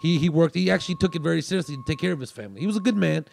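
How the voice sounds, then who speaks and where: A man's voice: a little high, animated, very fast, creaky, darkish tone. A male comedian guest on a podcast telling a story in a loose, rambling way with many restarts. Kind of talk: casual storytelling.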